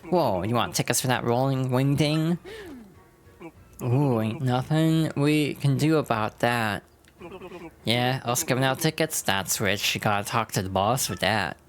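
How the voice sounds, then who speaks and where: A woman voicing a gruff male mobster goon in a game, talking in tough-guy slang. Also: very deep voice, unhurried, faint music behind.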